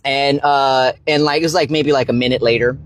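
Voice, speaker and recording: A young man casually telling a story on a livestream, rambling and swearing, tagging "right?" onto his lines, his voice leaping high when excited. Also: a little fast, no echo. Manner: rambling, profane, constant "right?" tags. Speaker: fitness and finance creator.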